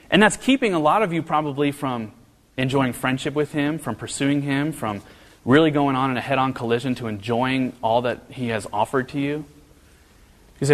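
Man preaching in a reverberant hall. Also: normal speed. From American Midwest. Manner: earnest, storytelling with humor, pitch rising when animated. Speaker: pastor. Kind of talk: sermon.

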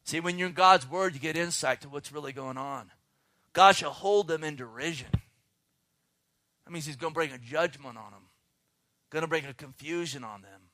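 A man preaching a fervent sermon outdoors, slowing down to read scripture and swinging between loud and hushed. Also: a little high, no room sound, clean studio sound. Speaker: pastor.

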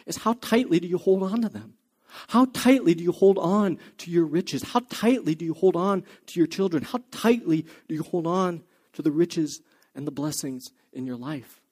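A man's voice: a little high, normal speed, darkish tone, husky. A man preaching a sermon, earnest, asking his listeners many rhetorical questions. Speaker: pastor.

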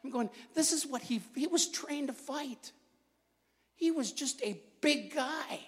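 A man's voice: extremely high pitch, unhurried. Self-deprecating man preaching a sermon. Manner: jokey, self-deprecating, conversational. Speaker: guest preacher. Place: church. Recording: echoey hall.

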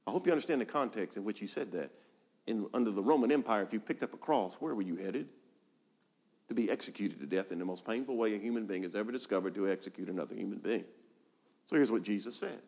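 A man's voice: fairly low pitch, lively intonation, fast. A male pastor preaching a sermon, asking rhetorical questions and repeating words for emphasis. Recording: long hall reverb.

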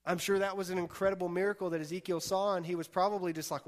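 A young male youth pastor with a high-pitched voice gives a relaxed, conversational sermon. He tells stories in a chatty way, packed with "like" and "you know", and acts out little quotes as he goes. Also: very fast. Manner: chatty storytelling, many fillers, acts out quotes.

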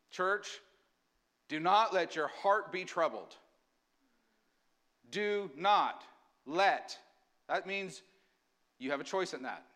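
High, bright-voiced male pastor preaching. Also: slow pace, pauses often. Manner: energetic, asks the congregation questions. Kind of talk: sermon.

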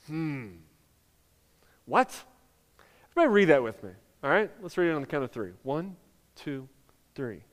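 Guy preaching a sermon, pretty high voice, chatty with lots of "like", big reverb from the hall. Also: very animated, normal speed, long pauses. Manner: conversational preaching, peppered with "like", rising to emphatic peaks. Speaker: pastor.

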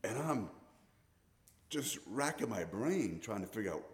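A man's voice: mid-range voice, very animated, normal speed, pauses often. A middle-aged man preaching a sermon, telling stories in a conversational way with frequent restarts. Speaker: pastor.

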